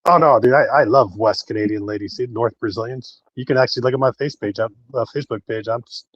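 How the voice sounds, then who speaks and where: A man's voice: mid-range voice, quick pace, no echo. A man on a live stream panel who talks in a rambling, casual way. His voice comes over a slightly dull, muffled line. It sounds dry, with no room around it.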